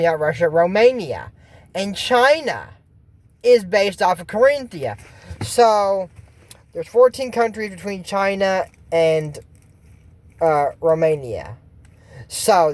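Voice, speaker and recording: A man casually recapping a cartoon episode, rambling with many fillers and joking asides. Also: high-pitched. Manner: rambling, filler-heavy, excitable, jokey asides. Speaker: YouTube cartoon commentator.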